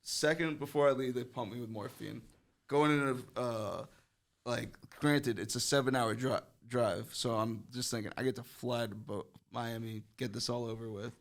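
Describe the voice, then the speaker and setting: A young man with a gravelly, fry-laced voice rambles through a story on a podcast. He leans on fillers and swears casually, at an ordinary mid pitch. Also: steady tone, moderate pace. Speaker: podcast guest.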